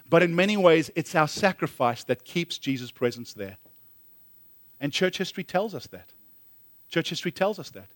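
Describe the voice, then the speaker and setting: A man's voice: fairly high pitch, no room sound. A man preaching a sermon as a pastor, earnest, often repeating phrases for emphasis.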